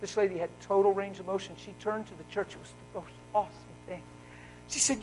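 A man preaching a live sermon in a church, wearing a mic, fervent and swinging between loud exclaiming and hushed talk. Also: high-pitched, fairly even intonation, fast, faint music behind, low-quality recording. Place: church service.

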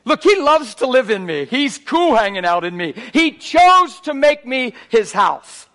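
A man with a high, bright voice preaches. He swings from hushed, intimate asides to fervent, ringing near shouts as he drives each point home. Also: a little slow. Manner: animated, rising to near shouts. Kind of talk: sermon.

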